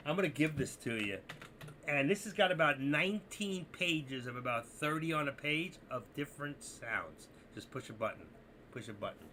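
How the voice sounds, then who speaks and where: A man hosting a live trading stream, talking to viewers in an excitable, rambling, joking way. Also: on the high side, moderate pace, a little hiss or hum. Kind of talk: casual live-stream commentary.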